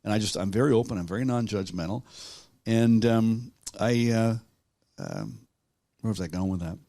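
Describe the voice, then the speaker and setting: A man being interviewed about his own life, talking in a halting, reflective way with many restarts. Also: fairly low pitch, expressive, creaky, dark tone, no room sound. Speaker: guest author. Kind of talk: conversational storytelling.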